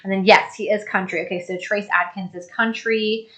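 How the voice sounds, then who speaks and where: A woman hosting a live stream, chatting casually and reading viewer comments aloud in an upbeat, think-out-loud way. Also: medium pitch, fairly even intonation, moderate pace. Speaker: host.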